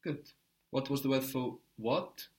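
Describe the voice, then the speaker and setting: A man's voice: medium pitch, a little slow, a little mellow. A man teaching a language lesson, patiently prompting a student with short praise.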